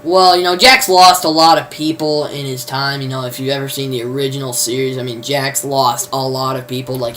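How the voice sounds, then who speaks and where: A man talks through a TV episode recap in a loose, rambling way, padding every thought with fillers and mild cuss substitutes. His voice sits at an ordinary middle pitch. A faint background noise runs under the recording. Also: sharp tone, rough recording. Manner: rambling, heavy use of "you know" fillers; informal, mild swearing substitutes. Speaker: TV show reviewer. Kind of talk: casual spoken recap.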